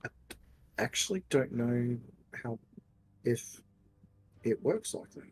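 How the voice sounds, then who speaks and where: A man playing a tabletop game, gentle and affectionate as he describes his character's actions. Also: mid-range voice, expressive, slow pace, a little hiss or hum. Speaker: player. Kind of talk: tabletop role-play.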